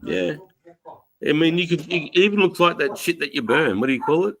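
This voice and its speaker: A man with an Australian accent hosting a livestream chat, relaxed and swearing freely as he talks with a mate. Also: on the high side, a little fast. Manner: laid-back, swears freely, says mate a lot. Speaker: livestream host. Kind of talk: casual chat.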